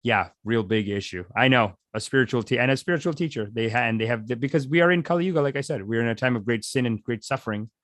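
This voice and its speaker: Man, meditation teacher, loose and rambling livestream chat, mid-pitched, dry close sound. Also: fast, few pauses, fairly bright tone, no echo. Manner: rambling, chatty, reads out viewer comments. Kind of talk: casual livestream meditation talk.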